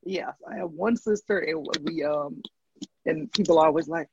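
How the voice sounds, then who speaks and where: A man in casual conversation, an animated storyteller who laughs often and acts out what others said. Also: fairly high pitch, brisk, gravelly, slight background noise. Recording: dull dry lo-fi sound.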